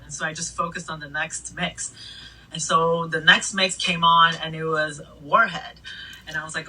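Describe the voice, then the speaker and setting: A middle-aged woman DJ recounts her stories in an animated, casual way, cursing freely. Her voice is husky and breathy, and she sits a little back from the mic. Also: deep voice, fairly quick. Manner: animated, swears freely, laughs between stories. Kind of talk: casual storytelling interview. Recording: voice a bit distant from the mic.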